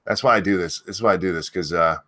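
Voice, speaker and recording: A man hosting a live stream, chatting casually, swearing a lot, and yelling out viewers' names now and then. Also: sits low, quick pace.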